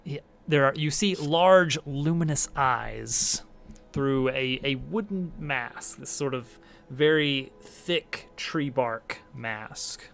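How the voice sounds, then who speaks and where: A man runs a tabletop role-playing game, narrating scenes slowly with frequent pauses and restarts. His voice is bright and clear, with faint music in the background. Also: mid-range voice. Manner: halting, lots of fillers and restarts. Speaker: game master.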